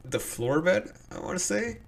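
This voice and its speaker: A man's voice: high-pitched, sing-song, normal speed, creaky. Chill guy cohosting a podcast, easygoing, laughs a lot. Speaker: podcast co-host. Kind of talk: casual chat.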